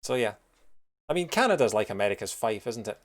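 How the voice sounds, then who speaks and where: This game streamer has a lowish, sing-song voice and a fairly quick pace. He chats casually with his audience, rambling and using lots of fillers as he commentates live.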